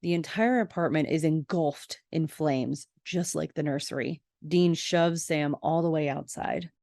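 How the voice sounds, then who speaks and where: Low-voiced woman recapping a TV episode. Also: unhurried, vocal fry, dry recording, clean studio sound. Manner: expressive, gasps and exclaims while retelling. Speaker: podcast host.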